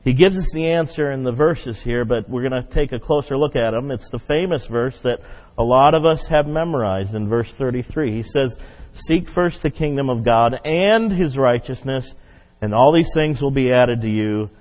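Pastor guy preaching, punchy then hushed, kinda dull lo-fi sound. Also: medium pitch, moderate pace. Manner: emphatic, swings from loud to hushed. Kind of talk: sermon. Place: church sanctuary. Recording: dull audio with long hall reverb.

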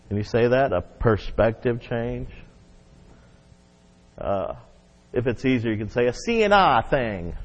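A man preaching a sermon, leading the congregation in call-and-response and rising loud on key points. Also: fairly high pitch. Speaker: pastor. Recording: muffled sound with long hall reverb.

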